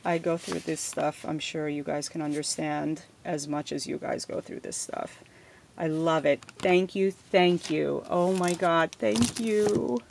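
A woman's voice: lowish voice, gravelly. A middle-aged woman unboxing a gift package in a vlog at her home desk, gushing with effusive thanks. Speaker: crafting vlogger. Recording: noisy home recording with paper rustling.

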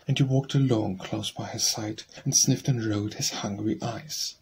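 A man reading a narrative poem for children as an audiobook narrator, in a rhythmic, measured verse style. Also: lowish voice, steady tone, a little mellow, a little hiss or hum, rough recording.

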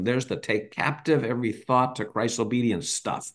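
A man's voice: medium pitch, normal speed, few pauses. A man on a parenting podcast, talking casually and animatedly, acting out bits of dialogue as he explains. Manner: animated storyteller, acts out dialogue.

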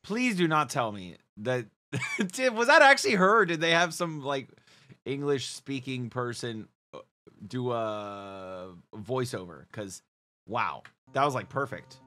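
A man hosting a reaction video, talking in an animated, slangy way and often laughing and exclaiming. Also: medium pitch, measured pace. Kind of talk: casual reaction commentary.

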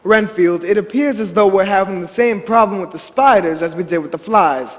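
An actor playing a proper, curious male asylum doctor on a theatre stage, speaking in a formal, measured way. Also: high-pitched, muffled recording, natural voice. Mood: composed. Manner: formal, measured, clipped diction. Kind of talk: live stage acting. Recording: stage voice with long theatre reverb.

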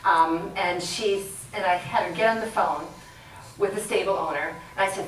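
A middle-aged woman giving a leadership talk to an audience, chatty and quick to laugh. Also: fairly low pitch. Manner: chatty, laughs often, plays with the crowd. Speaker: guest speaker. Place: lecture room with audience. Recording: roomy sound from a distant mic, faint background noise.

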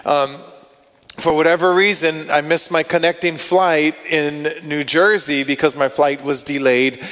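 Guy preaching, animated storyteller, slightly high voice, big echoey church hall. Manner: animated, acts out quotes and inner thoughts. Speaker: pastor. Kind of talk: storytelling sermon. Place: church sanctuary. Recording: long hall reverb.

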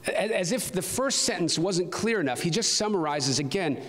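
A man's voice: high voice, lively intonation, normal speed, fairly bright tone. A man preaching a personal testimony sermon as pastor, telling his story earnestly and rising to fervent emphasis. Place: church sanctuary. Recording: long reverb of a large hall.

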